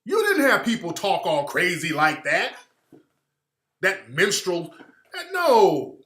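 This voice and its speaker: Emphatic, lively-pitched man from the South. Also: slow pace, roomy sound. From Alabama, US South. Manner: emphatic, insistent, repeats his points. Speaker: commentator. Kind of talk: opinionated monologue.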